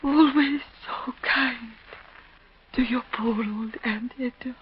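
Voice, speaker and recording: An actress playing a frail, dying old aunt who speaks faintly and haltingly, in a 1930s radio drama. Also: female voice, sits high, slightly rough, exaggerated voice. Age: older. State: weak and gasping. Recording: dull lo-fi 1930s radio recording.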